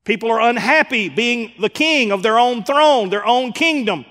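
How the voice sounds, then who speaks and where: A man preaching a sermon with a high-pitched voice, his words ringing through a long hall reverb. He slips into voices of the people he quotes, rising loud and then falling to a hush. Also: lively intonation, moderate pace. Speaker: pastor. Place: church sanctuary.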